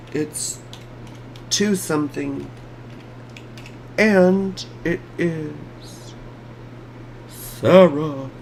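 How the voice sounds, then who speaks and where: A woman's voice: lowish voice, animated, slow pace, pauses often, fairly bright tone, a little hiss or hum. A woman in her forties, an astrologer giving chatty, playful live chart readings on a stream.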